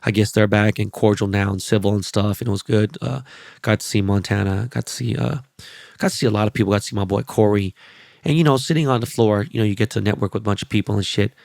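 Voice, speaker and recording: A man in his forties hosts a podcast and talks at an ordinary pitch in a gravelly voice. He rambles, swears freely and stays animated through his stories. The close mic sounds dry with no room in it. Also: fast, no echo. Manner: profane, rambling, animated storytelling. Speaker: podcast host. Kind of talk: casual podcast monologue.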